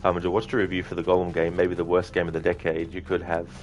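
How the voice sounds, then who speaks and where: A man's voice: sits low, completely flat delivery, quick pace, darkish tone, faint music behind. A young man streaming a game, chatting casually with viewers in a rambling way, with lots of ums. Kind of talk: casual live-stream gameplay chat.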